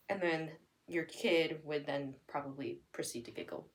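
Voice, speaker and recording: A young adult woman demonstrating listening and speech strategies for parents, explaining plainly and acting out lively sing-song examples as if talking to a child. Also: sits low, moderate pace, distant mic, poor audio.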